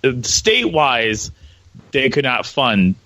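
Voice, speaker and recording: Bright dry-voiced man in casual sports chat. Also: medium pitch, big pitch swings, takes it slowly, no room sound, low-quality recording. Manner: loose and jokey, hesitant with many uhs. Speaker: podcast co-host.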